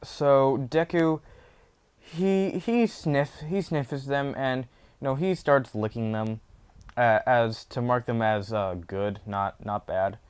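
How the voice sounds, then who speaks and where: Man, casual storytelling, slow pace, smooth clear voice, rambling with fillers. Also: mid-range voice, darkish tone. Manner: rambling, full of fillers and self-corrections. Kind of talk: casual spoken fan-story retelling.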